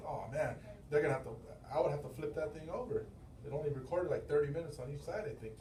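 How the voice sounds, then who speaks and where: Middle-aged male sales boss, loud storyteller, room echo, mic off at a distance. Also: on the high side, quick pace, a little hiss or hum. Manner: animated storytelling, acting out quotes; loose, profane, laughing often. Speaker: sales manager and business owner. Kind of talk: motivational team meeting talk. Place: meeting room. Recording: roomy, from far off the mic.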